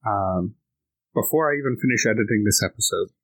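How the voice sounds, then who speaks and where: A man's voice: fairly low pitch, fairly quick, fairly bright tone, dry recording. Laid-back middle-aged man, dry sound. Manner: laid-back, wry, casual swearing. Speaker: podcast host. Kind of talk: casual chat about tabletop gaming.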